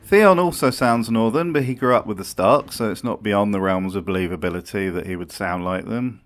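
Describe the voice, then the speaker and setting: A man's voice: on the low side, a little fast, soft background music. A man narrating a comedic video essay with a wry, mocking tone and dry asides. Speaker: video commentator.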